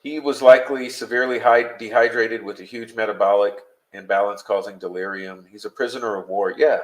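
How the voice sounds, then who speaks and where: A man's voice: lowish voice, steady tone, brisk. A man hosting a live-stream, talking bluntly and heatedly to his chat, swearing often as he vents. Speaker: podcast host.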